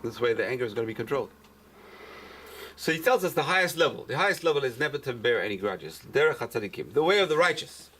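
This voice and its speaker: A man's voice: mid-range voice, lively intonation, quick pace, fairly bright tone, slight background noise. A man, a rabbi, teaching a class and repeating his key points for emphasis. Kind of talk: lecture-style Torah class.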